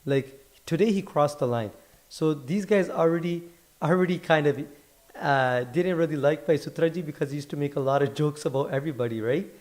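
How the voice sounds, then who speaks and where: A man casually retelling a religious story to listeners, animated, repeating words for emphasis and checking in with "right?". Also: on the high side, a little fast. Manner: animated, leans on repetition for emphasis.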